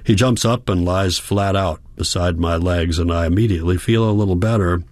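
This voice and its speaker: A man narrating a novel in the first person, measured and reflective. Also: deep voice, darkish tone, no room sound. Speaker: audiobook narrator.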